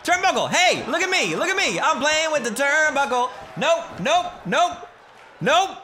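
A man commentating his own wrestling video game playthrough, joking, shouting at the screen and laughing. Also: extremely high pitch, sing-song, a little slow. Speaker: gameplay commentator. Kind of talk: excited gameplay commentary.

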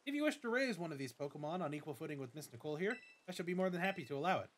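A man's voice: fairly high pitch, lively intonation, very fast, slight background noise, close to an everyday voice. A man voicing a formal, slightly pompous older male academy director while reading game dialogue aloud.

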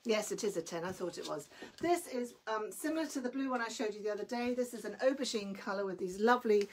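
A woman's voice: mid-range voice, fast, slight background noise. A woman selling clothes on a live stream, chatty and enthusiastic, a little breathless. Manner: chatty and enthusiastic, greets viewers by name. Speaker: online clothing seller.

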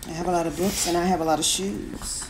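A woman's voice: fairly low pitch, fairly even intonation, fast, noisy background, lightly acted. A woman playing a bossy but doting mom in a family roleplay, scolding one moment and sweet the next.

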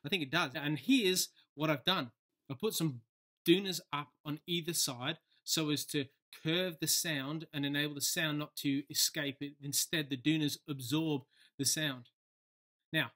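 A man's voice: on the high side, pushed and bright. A man with an Australian accent giving a playful, chatty how-to demonstration, recorded in a home kitchen on a laptop's built-in mic. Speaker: video tutorial presenter.

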